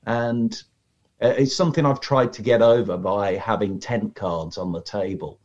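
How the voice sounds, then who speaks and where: A man's voice: fairly low pitch, moderate pace. Man, chatty, slightly muffled audio. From Britain. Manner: chatty, animated storyteller who acts out audience reactions. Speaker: magician guest. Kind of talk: casual podcast conversation.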